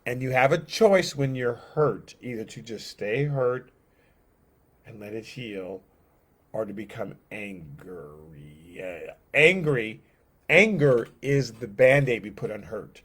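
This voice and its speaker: A man teaching a casual bible study, conversational and animated, often acting out the people in the story. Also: mid-range voice, measured pace. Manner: animated, acts out scenes, conversational.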